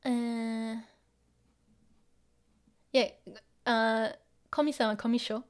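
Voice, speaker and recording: A woman hosts a relaxed livestream lesson, slipping words into her English. Her voice sits a little high. She often drops to quiet asides while she scrolls the chat. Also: slow pace, smooth. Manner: chatty, mixes English with Japanese phrases, murmurs to herself. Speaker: Japanese teacher on a livestream. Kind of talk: casual live-stream lesson, reading chat.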